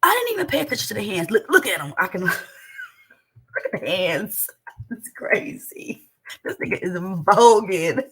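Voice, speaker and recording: A woman giving heated reaction commentary, loud, indignant and mocking, with frequent outbursts. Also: mid-range voice, big pitch swings, moderate pace, long pauses, a little hiss or hum. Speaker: commentator reacting to a stream clip.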